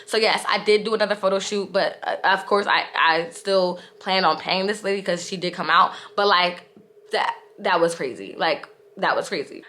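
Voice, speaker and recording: A woman's voice: fairly low pitch, moderate pace, sharp tone. A young woman telling a storytime vlog, candid and exasperated, with frequent "like" fillers. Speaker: vlogger.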